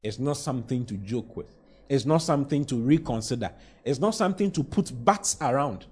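A man's voice: mid-range voice, expressive, fairly quick, darkish tone, slightly rough. A man preaching a sermon, pushing key lines with emphatic, rising exclamations and playful mock voices. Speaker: pastor.

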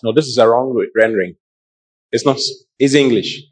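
A middle-aged man preaching a sermon, calling out to the congregation in an animated way. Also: medium pitch, moderate pace, slightly rough. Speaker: pastor.

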